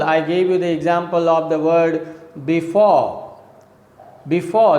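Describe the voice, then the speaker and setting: A man's voice: a little high, darkish tone, reverberant, in a large hall, low-quality recording. A male college lecturer explaining poetry step by step, repeating points and checking in with "okay?". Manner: slow, repetitive explaining with frequent "okay?" checks. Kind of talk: recorded classroom lecture.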